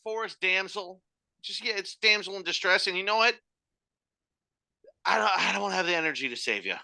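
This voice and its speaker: A young man co-hosting a podcast, his voice very bright and his pitch swinging widely. He talks in an animated, jokey way and swears freely. The sound is dry and close, with no room around it. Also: normal speed, creaky, dry recording. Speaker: podcast co-host. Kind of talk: casual chat.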